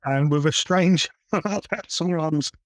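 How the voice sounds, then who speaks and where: A man's voice: a little high, unhurried, no echo. A man co-hosting a casual podcast, teasing his partner with dry, wry asides. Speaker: podcast co-host.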